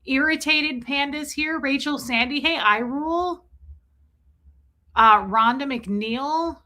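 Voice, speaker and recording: A woman chats casually on her livestream, greeting viewers by name and joking between greetings. Her voice is bright and forward. It sits a little on the high side. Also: slow pace. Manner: chatty and joking, reading out viewer names. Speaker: livestream host.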